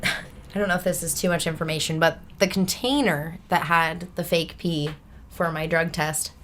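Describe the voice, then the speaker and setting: A woman's voice: on the low side, moderate pace, slight background noise. A woman vividly telling her story. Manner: animated, breaks into laughter, acts out the people in her story. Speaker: podcast guest. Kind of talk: personal storytelling in a podcast interview.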